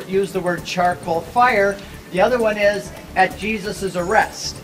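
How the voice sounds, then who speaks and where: A man giving a casual Bible talk to a tour group, telling stories with quick asides and jokes. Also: high-pitched, rough recording. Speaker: pilgrimage tour teacher.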